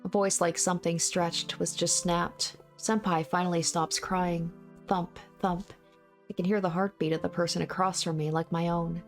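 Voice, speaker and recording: Woman softly narrating a visual novel. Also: lowish voice, little pitch movement, normal speed, soft background music. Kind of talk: reading a visual novel aloud.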